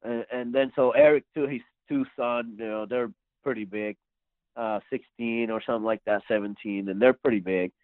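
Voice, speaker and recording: A man's voice: mid-range voice, steady tone, normal speed, no room sound. Guy rambling thru a story on a podcast, tinny phone sound, dry. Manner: rambling, repeats words. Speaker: podcast guest. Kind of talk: casual storytelling.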